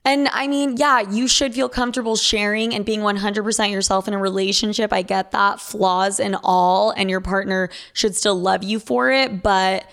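A woman's voice: medium pitch, fairly even intonation, normal speed, gravelly, few pauses, a bit bright. Blunt, profane Valley girl woman. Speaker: advice podcast host. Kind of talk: casual advice chat, reading listener letters.

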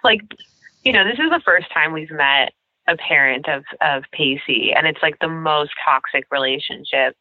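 A woman co-hosting a casual podcast chat about a TV episode, talking in an animated way, full of "like" and "you know". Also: low voice, normal speed, no room sound, phone-quality sound. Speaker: podcast co-host.

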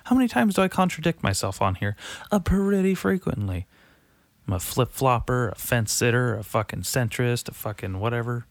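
A man's voice: medium pitch, animated, brisk, hardly any pauses, no echo, clean studio sound. A man hosting his own podcast alone, rambling and swearing a lot, sighing and trailing off into mutters before restarting. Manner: rambling, profane, self-deprecating, trailing off and restarting; sighs often, drops to a mutter. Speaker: podcast host. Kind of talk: casual solo monologue.

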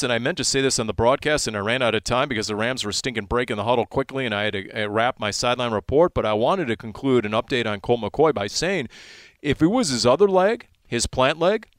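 A man working as a sideline reporter, chatting on a sports radio show and telling animated stories, his voice jumping up when he gets excited. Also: mid-range voice, no echo. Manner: animated storytelling, voice jumps up in excitement.

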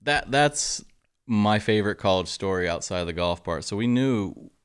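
A middle-aged man, a golf coach telling lively stories in an interview and acting out the quotes. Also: moderate pace, smooth. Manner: animated storyteller, acts out quotes, drops to a low murmur for asides. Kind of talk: casual interview storytelling.

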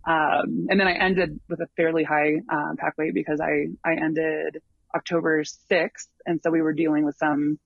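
Higher-voiced man, dull lo-fi sound. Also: flat delivery, normal speed, gravelly, dry recording. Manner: rambling, full of ums and restarts. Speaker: long-distance hiker guest. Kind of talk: casual interview storytelling.

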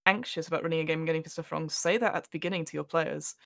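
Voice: mid-range voice, very fast, creaky, a bit bright, no echo, clean studio sound. A podcast guest who runs tabletop games, chatting thoughtfully about game mastering with lots of "you know"s.

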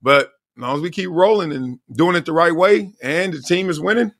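A man hosting a podcast in casual chat, hoarse from yelling, animated and laughing often. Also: fairly high pitch, brisk, dry recording, studio quality. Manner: animated, laughing, shouts out coaching lines. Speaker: podcast host.

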